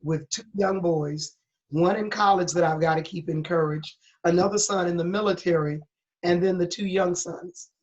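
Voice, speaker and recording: A dull lo-fi recording captures a middle-aged woman pastor, interviewed as a guest, candidly and earnestly recounting her testimony with preacherly emphasis. She speaks at normal speed in a low, slightly mellow voice.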